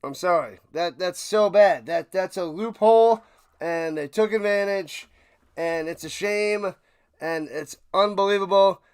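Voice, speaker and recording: A high-voiced man calls football plays live for his stream's watch party. He rants and repeats himself, jumping from shouted outrage to low grumbling mutters. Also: unhurried, clean tone. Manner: excitable, swings from ranting shouts to low mutters; repeats himself while ranting. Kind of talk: live play-by-play and reaction commentary.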